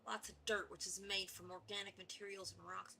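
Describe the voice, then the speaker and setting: A woman streaming a video game with playful, goofy commentary, often dropping to whispers and then jumping to shouts. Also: medium pitch, level tone, a little fast, creaky, slight background noise. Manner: goofy, theatrical, drops to whispers and jumps to shouts.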